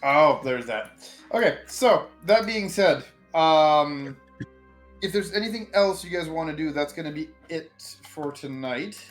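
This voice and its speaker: A man's voice: on the high side, expressive, measured pace, faint music behind. A man running a tabletop game as game master, easygoing and laughing often.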